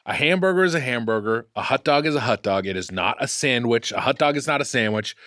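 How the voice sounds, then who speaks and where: A man's voice: medium pitch, animated, fast talker, fairly bright tone, no echo, studio quality. A man co-hosting a comedy podcast, talking emphatically with lots of swearing and stumbling restarts. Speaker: podcast co-host. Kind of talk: casual comedic chat.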